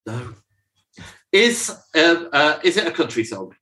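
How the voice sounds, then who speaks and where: A man co-hosting a chatty podcast, his pitch jumping about as he teases and bosses his co-host. He is quick to mock and pushes the conversation along. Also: very animated, bright, forceful tone. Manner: teasing, bossy, quick to mock. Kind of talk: casual chat reviewing songs.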